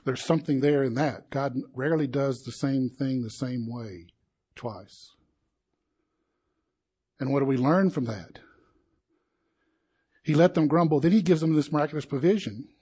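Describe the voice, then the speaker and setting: A man preaching a sermon in an animated way, acting out the crowd's voices and building to indignant peaks. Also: mid-range voice, normal speed, pauses often, breathy edge.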